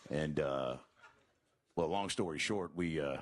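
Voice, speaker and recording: A man telling stand-up stories in a deadpan, mumbling way full of fillers, on a comedy club stage. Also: very deep voice. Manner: slow, mumbling, filler-heavy delivery.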